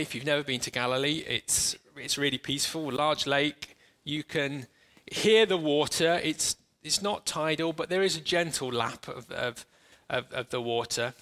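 A man with a voice on the high side preaches a sermon and guides listeners through an imagination exercise. He's earnest but halting, restarting often, and slows down and softens when describing the imagery.

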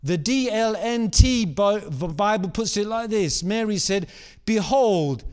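A man preaching a sermon, animated and repeating phrases for emphasis. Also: sits high, a little slow, clear, resonant tone.

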